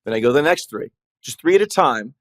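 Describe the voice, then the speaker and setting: A man speaking as a trial lawyer guest in a podcast conversation, telling stories in an animated way. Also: mid-range voice, brisk, no room sound, clean studio sound. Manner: animated storytelling, acting out quotes.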